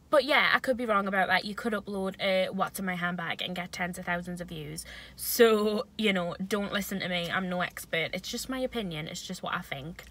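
Bright-voiced woman vlogger. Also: mid-range voice, rough recording. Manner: chatty, talks while eating. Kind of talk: casual mukbang chat.

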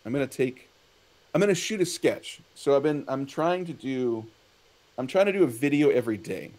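A man hosting a casual chat, asking questions in an animated way. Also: mid-range voice, moderate pace. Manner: animated, questioning, laughs often. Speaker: host.

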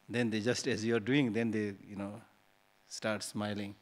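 A man's voice: medium pitch, steady tone, moderate pace. A male Buddhist teacher giving a dharma talk in a hall, conversational and teasing, full of rhetorical questions.

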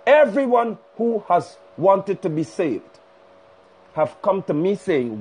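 A man's voice: high voice, sing-song, slow, a little mellow, slightly rough. A male preacher delivering a fiery, scolding sermon live over a phone stream. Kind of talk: sermon on a livestream. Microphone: phone livestream.

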